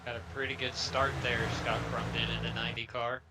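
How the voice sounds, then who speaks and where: A man's voice: medium pitch, little pitch movement, brisk, creaky, heavy background noise. A man giving color commentary on a sim race, explaining things conversationally with many fillers.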